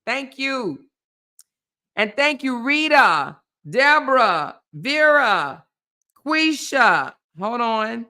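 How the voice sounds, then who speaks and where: A woman's voice: on the high side, sing-song, very slow, bright, forceful tone. A woman hosting a casual live stream, chatty and laughing often as she thanks viewers by name.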